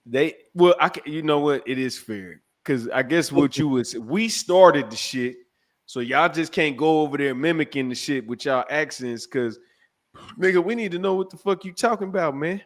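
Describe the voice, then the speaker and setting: A man co-hosting a podcast, talking in an animated, teasing way and laughing often. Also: fairly high pitch, normal speed. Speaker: podcast co-host. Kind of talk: casual chat.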